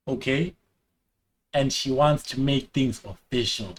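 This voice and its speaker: Lively young man giving advice. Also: takes it slowly. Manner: animated, slangy, big jumps in pitch and loudness. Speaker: streamer giving advice to viewers. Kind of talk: casual livestream advice chat.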